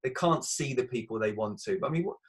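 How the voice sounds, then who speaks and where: A male interviewer asks his questions in a quick, conversational way. He sounds thoughtful as he shares his own view. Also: medium pitch, animated, low-quality recording. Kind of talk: casual interview.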